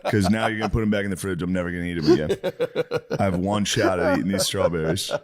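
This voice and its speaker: A man's voice: deep voice, steady tone, quick pace. A man co-hosting a podcast, teasing his friend in casual comedic chat and laughing often. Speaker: podcast co-host.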